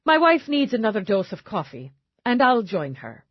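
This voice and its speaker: A woman narrator voicing a suave, wealthy man who speaks smoothly and teasingly in an audiobook. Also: a little high, very animated, moderate pace, dry recording, dull audio, voice pushed up. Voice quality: smooth, unruffled.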